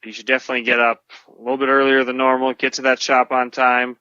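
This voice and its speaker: Man, enthusiastic podcast co-host, bright forceful voice, dull lo-fi sound. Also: medium pitch, level tone, quick pace, clear, resonant tone, no echo. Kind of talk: casual chat.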